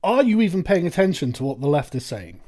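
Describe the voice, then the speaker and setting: Male commentary host, scornful and sweary, voice swinging widely in pitch. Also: very animated, quick pace, a little mellow. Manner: sarcastic, profane ranting. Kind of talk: reaction commentary.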